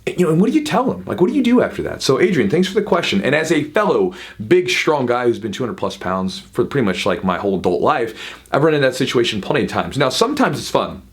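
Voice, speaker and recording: A man in his thirties talks fast and casually to his viewers, dropping "right?" into almost every thought. His pitch sits in the middle and his delivery stays conversational, like a coach explaining things after class. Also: sing-song. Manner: fast, chatty, frequent "right?" asides. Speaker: jiu-jitsu coach and channel host. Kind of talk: casual advice talk to camera.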